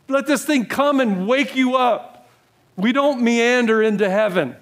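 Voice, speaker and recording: A man's voice: extremely high pitch, measured pace. A male pastor preaching a sermon in an urgent, pleading way, repeating short commands. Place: church service.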